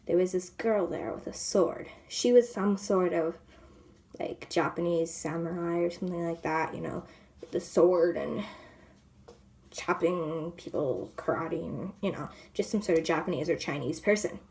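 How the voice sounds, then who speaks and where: A woman's voice: on the low side, moderate pace, gravelly. A woman vlogger telling a long story in a casual, rambling way, full of "like" and "you know", sometimes dropping to a whisper. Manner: drops to a soft whisper at times.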